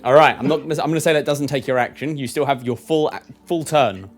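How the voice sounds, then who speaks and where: A young man acting as game master, narrating a tabletop game in a lively, chatty way. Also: mid-range voice, fast talker, soft background music.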